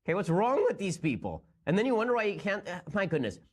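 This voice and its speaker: A man's voice: sits high, big pitch swings, quick pace. A young man hosting a commentary show, talking in a sarcastic, incredulous way as he reacts to clips. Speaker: political commentator host. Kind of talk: rapid-fire sarcastic commentary.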